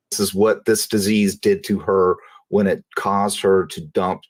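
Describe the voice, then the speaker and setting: A man speaks as an interview guest, telling a personal story casually and haltingly, with frequent restarts. His voice sits a little low. The sound is dry, with no room echo. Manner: halting, repeats and restarts phrases.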